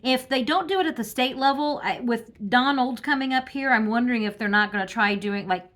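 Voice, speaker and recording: Her voice is fairly high, quick, and a little bright as she reads tarot cards on camera. The woman's political take is casual, snarky, and full of laughter, with many ums and restarts.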